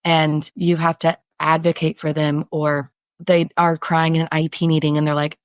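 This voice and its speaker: A woman who teaches special education speaks as a podcast guest in an earnest, chatty way, often slipping into quoted parents and students. Her voice sits on the low side, and the recording is dry and close. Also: fairly even intonation, moderate pace, dry recording. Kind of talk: casual conversational interview.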